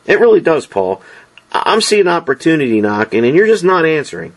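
A man's voice: fairly high pitch, very animated, a little fast, voice pushed up. A man voicing a taunting teenage football player with a whiny, insinuating tone, in an audiobook reading. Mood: wheedling.

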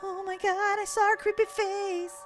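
A woman with a very high voice and flat delivery speaks at normal speed, with faint music in the background. Playing a character in a game role-play, she talks dramatically, squeals and gasps, and swings from panic to jokes in excitable chat.

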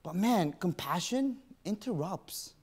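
Man, preacher, church sermon, animated storytelling, acts out his own thoughts, fairly high voice. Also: slow, slightly rough. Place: church auditorium.

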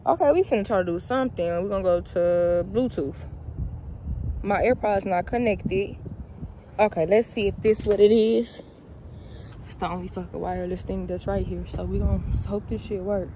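A young woman vlogging outdoors, unboxing on camera, loud and playful and out of breath. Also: mid-range voice, moderate pace, rough recording. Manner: loud, playful, laughing, talks straight to viewers. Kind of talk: casual unboxing vlog. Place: outdoors in wind. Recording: outdoor phone audio with wind noise.

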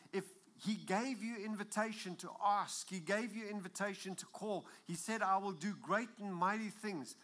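High, bright-voiced man preaching. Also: moderate pace, few pauses. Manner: emphatic, rises to loud exclamations. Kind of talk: sermon.

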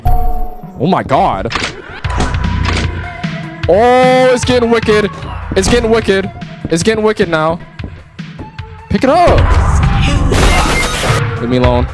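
A man's voice: sits high, takes it slowly, long pauses. Hyped guy playing a horror game, voice jumping way up and down, game music going underneath. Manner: excitable, trash-talks game characters, yells when startled. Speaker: gaming YouTuber. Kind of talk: let's play commentary. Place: home gaming setup.

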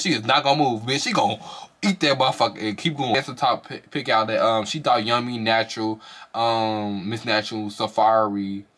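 A man doing casual commentary as a reality TV reviewer, animated, sassy, gossipy and profane, with his voice shooting up into shrieks. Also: medium pitch, a little fast.

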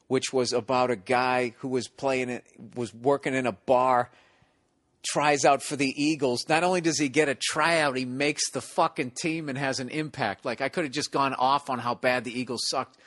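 A man telling a stand-up story in casual podcast chat, profane and animated, acting out the people in it. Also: medium pitch, moderate pace, no room sound, clean studio sound.

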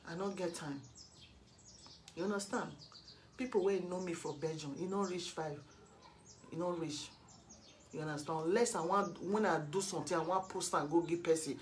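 A woman's voice: on the low side, slight background noise. A middle-aged Nigerian woman from Edo State speaking Nigerian Pidgin English, scolding a rival in a lecturing vlog monologue full of rhetorical questions. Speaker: vlogger.

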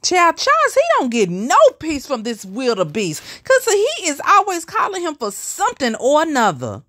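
A woman's voice: high-pitched, wildly swooping pitch, moderate pace, fairly bright tone. A woman giving teasing, mocking reaction commentary and talking straight to her viewers. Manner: sassy, teasing, talks to viewers as y'all.

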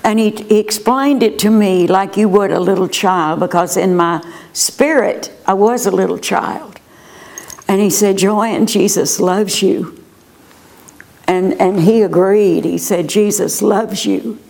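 An older woman sharing a personal testimony as an interview guest, earnest and unhurried. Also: medium pitch, creaky, darkish tone. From United States. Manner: slow, earnest storytelling.

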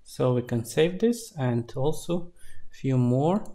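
A man, an indie game developer, narrating a screen-recorded tutorial in a relaxed, explaining way. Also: medium pitch, slow pace.

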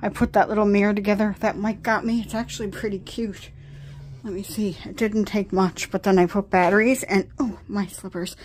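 A woman's voice: mid-range voice, level tone, fairly quick, darkish tone. Tired, rambling woman vlogger. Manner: rambling, chatty, sidetracked. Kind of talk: casual chat. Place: at her desk at home.

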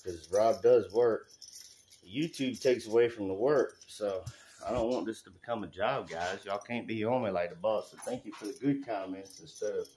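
A man from Alabama, vlogging casually about his renovation work with a rambling, folksy manner that swings into loud rants. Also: fairly low pitch, slight background noise. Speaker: handyman vlogger. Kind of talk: casual vlog chat. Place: house under renovation, indoors. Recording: echoey room.

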